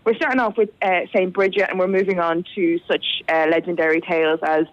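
A woman's voice: lowish voice, steady tone, no room sound. Chatty woman on a dull line. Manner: chatty, quick to laugh. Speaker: guest, actress and writer. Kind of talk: casual radio interview chat.

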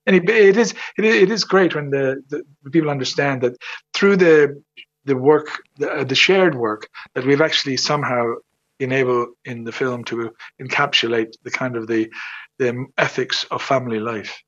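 An older actor answers interview questions in a halting, thoughtful way, full of pauses and restarts as he searches for his words. His voice has an ordinary middle pitch. It comes through a slightly dull, muffled remote line. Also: a bit bright. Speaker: actor guest. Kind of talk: interview conversation.

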